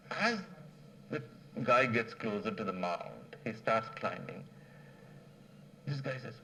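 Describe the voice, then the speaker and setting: A man telling a folk tale in an animated, digressive way, full of fillers. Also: medium pitch, measured pace, a little hiss or hum, poor audio. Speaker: speaker at a management association. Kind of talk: storytelling talk.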